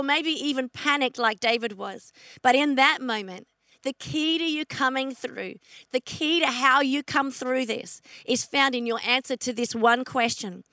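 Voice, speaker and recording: A middle-aged woman preaching a sermon, earnest, repeating her key questions and slowing down to stress scripture. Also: sits high, pushed and bright, dry recording.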